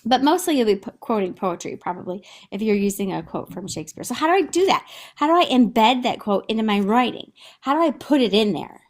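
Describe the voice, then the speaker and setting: A woman's voice: on the high side, expressive, a little fast. A woman teacher talks her students through a recorded lesson over slides. Her delivery is chatty and conversational, with small fillers and restarts as she thinks aloud.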